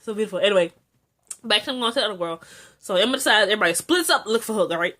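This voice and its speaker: A young woman talking through a TV episode in a loose, casual vlog. She is chatty and excitable, with plenty of fillers and asides, and her voice sits at an ordinary middle pitch for a woman. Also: rapid-fire. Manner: chatty and excitable, frequent "like" and filler, jumps high when excited. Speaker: TV episode reviewer.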